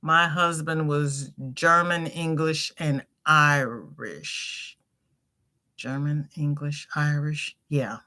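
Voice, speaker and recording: A middle-aged woman hosts a crochet livestream in an easy, chatty way, laughing as she greets viewers by name and reads their comments aloud. She talks at an unhurried, drawn-out pace, with a slightly low pitch and a bright, forward tone. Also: fairly even intonation. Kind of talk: casual chat reading live comments.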